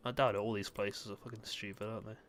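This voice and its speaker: A man's voice: fairly low pitch, little pitch movement, fast, a bit bright. A man chatting casually while playing a game, joking, swearing and laughing often. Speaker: gaming video host. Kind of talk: casual chat while gaming.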